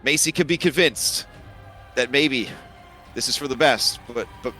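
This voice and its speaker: A man's voice: medium pitch, unhurried, pushed and bright, soft background music. A young man acting as game master, narrating and ruling with frequent fillers and chuckles. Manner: hesitant, filler-heavy, chuckling. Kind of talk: running a tabletop game.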